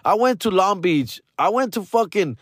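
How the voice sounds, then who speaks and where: A man's voice: high-pitched, lively intonation, moderate pace, fairly bright tone, husky, dry recording, studio quality. A man, a comedian telling stories casually, full of slang and profanity and acting out the voices of people he quotes. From Los Angeles area. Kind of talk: casual storytelling.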